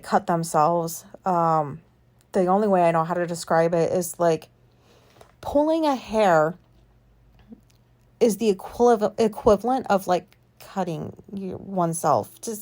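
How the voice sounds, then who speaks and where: In a loose, meandering vlog, an adult woman recounts something from her own life, cursing without restraint and leaning on fillers. Her voice is fairly low and mellow.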